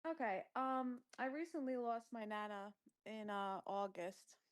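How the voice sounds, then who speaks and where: A woman's voice: fairly high pitch, steady tone, measured pace, clear, resonant tone. A woman taking part in a live channeling call who sounds shy, hesitant and emotional. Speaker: session participant. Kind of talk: casual live video chat.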